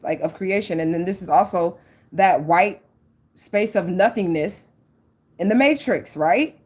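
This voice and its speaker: A woman's voice: mid-range voice, darkish tone. A woman giving a casual psychic tarot reading to her viewers. She speaks frankly and swears freely, fills her talk with "like" and "okay," and addresses the audience directly and earnestly. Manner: frank and profane, with many likes and okays.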